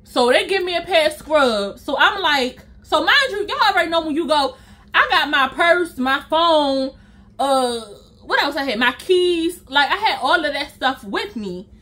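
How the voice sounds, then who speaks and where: A woman's voice: high-pitched, animated, normal speed, sharp tone. A young woman vlogger telling a story in a casual way, speaking straight to her viewers and acting out her own reactions.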